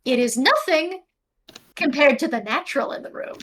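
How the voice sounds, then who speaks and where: A woman's voice: high voice, expressive, moderate pace, a bit bright, slight background noise. A woman narrating a tabletop game as game master over a video call, descriptive and prone to self-corrections.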